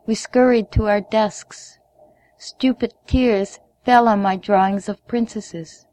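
A woman reading a first-person memoir story aloud in a measured, deliberate way, dropping to a hush at times. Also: mid-range voice, steady tone, no room sound. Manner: measured, deliberate, sometimes hushed.

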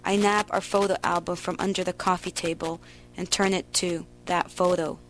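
A woman giving a slow, emotional, theatrical reading of a first-person story. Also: fairly low pitch, flat delivery, a little hiss or hum, rough recording. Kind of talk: dramatic literary reading.

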